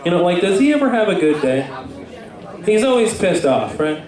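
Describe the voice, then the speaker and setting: A man's voice: sits high, big pitch swings, normal speed, a little mellow. A young man doing a stand-up comedy set, rambling and self-mocking with lots of fillers, recorded far off in an echoey club.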